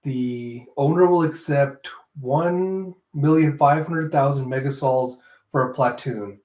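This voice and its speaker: A man's voice: mid-range voice, slow pace, darkish tone, lightly acted. Man reading as a cold, clipped office clerk. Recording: roomy echo.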